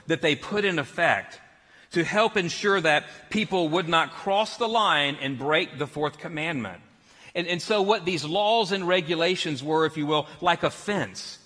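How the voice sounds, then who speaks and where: A man's voice: a little high, long reverb tail. A man preaching a sermon as pastor, telling stories with laughs. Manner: storytelling, animated with laughs.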